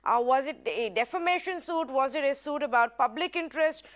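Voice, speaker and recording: A woman's voice: sits high, lively intonation, brisk, fairly bright tone. A woman anchoring a TV news debate, firmly directing the panelists. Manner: firm, directs who speaks.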